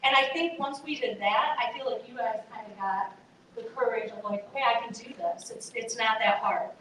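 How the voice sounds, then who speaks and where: A woman's voice: on the high side, normal speed, fairly bright tone. A woman giving an earnest, conversational chapel talk to students, speaking directly to her listeners. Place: chapel hall. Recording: echoey hall, voice from far off, faint noise.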